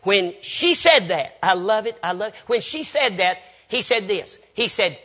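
A man's voice: sits high, animated, moderate pace, hardly any pauses, bright, forceful tone. Folksy preacher man. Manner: folksy anecdotal storytelling with quoted dialogue. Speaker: Baptist preacher. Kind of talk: storytelling sermon.

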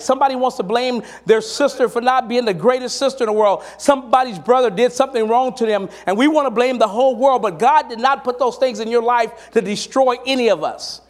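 A middle-aged man preaching a sermon, telling personal stories and rising to emphatic exhortation. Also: high-pitched.

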